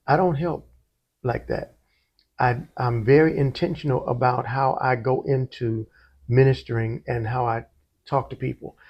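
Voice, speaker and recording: A man's voice: medium pitch, steady tone, a little slow, creaky. Man telling his story in an interview, acts out what people said, bit of a dull muffled recording. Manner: storytelling, acts out quoted voices. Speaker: interview guest, church musician. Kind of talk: conversational testimony.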